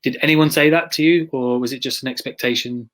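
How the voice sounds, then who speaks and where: A man's voice: medium pitch, steady tone, fairly quick, a bit bright. A man hosting a casual interview, asking questions and offering supportive interjections. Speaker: podcast host.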